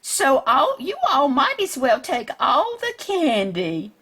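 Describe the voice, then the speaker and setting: A woman's voice: sits high, huge pitch swings, slow, pitched above the performer's own voice, full character voice. A kind, white-haired old lady from a children's storybook speaks sweetly and generously, as a woman gives her voice. Her voice sits a little above the reader's own. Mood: kindly. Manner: kindly and warm.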